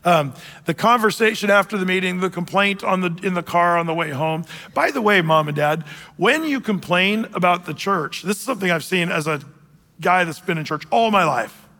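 A man preaching a casual, conversational sermon in a church sanctuary, with many fillers, sometimes dropping low and soft to act out grumbling. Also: moderate pace, in a large hall. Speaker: pastor.

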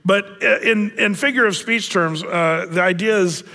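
A man's voice: high-pitched, moderate pace, sharp tone, in a large hall. A male pastor delivering a conversational sermon, speaking with frequent fillers and restarts.

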